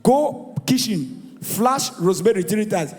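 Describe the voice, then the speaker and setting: Nigerian guy doing stand-up, really high voice, yelling punchlines, big echoey hall. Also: a little slow, breathy edge. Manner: animated, shouting punchlines, acting out voices. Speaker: stand-up comedian. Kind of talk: stand-up comedy routine in Nigerian Pidgin English. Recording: live venue with long reverb.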